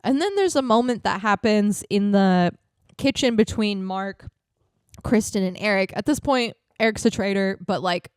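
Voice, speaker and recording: A woman's voice: medium pitch, expressive, moderate pace, smooth, no echo. A young woman co-hosting a casual podcast, chatting and swearing freely as she acts out quotes. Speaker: podcast co-host. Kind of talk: casual chat. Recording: dry close mic, no video.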